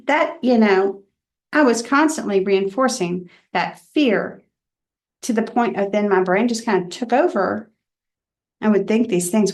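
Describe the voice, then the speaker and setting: A woman reverend giving a personal Dharma talk in a candid, reflective storytelling way. She often drops soft and quiet. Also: medium pitch.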